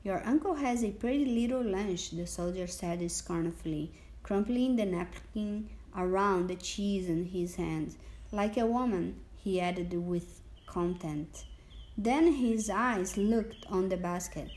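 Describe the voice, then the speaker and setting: A man's voice: high voice, slow pace, a little mellow. A woman voicing a harsh, contemptuous male soldier in a read-aloud story. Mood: scornful. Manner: sneering, contemptuous.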